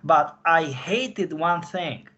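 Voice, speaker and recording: A man speaking in casual conversation, halting and searching for his words. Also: a little high, pushed and bright. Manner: halting, searching for words in non-native English. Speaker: podcast guest insider. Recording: dull lo-fi audio.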